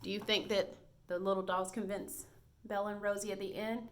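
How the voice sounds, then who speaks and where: A woman teacher leads a reading lesson for small children on video. She talks slowly and encouragingly, sounding out each word with care. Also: mid-range voice, level tone, slight background noise. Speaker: first grade teacher.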